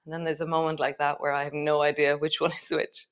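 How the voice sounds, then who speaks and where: A woman guiding a live yoga class, chatty and relaxed, laughing at herself. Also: deep voice, quick pace, clean tone. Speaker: yoga teacher.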